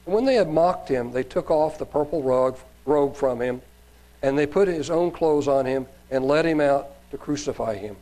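A man's voice: fairly high pitch, normal speed, mellow, low-quality recording. A man preacher reading Bible passages aloud and adding sermon comments, raising his voice for quoted cries, with some fillers and restarts.

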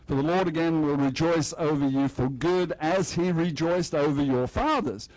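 A man's voice: a little high, moderate pace, darkish tone, no room sound, low-quality recording. Older man preaching with a joking manner. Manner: joking, conversational, acts out little dialogues. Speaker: pastor. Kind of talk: festival sermon. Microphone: headset mic.

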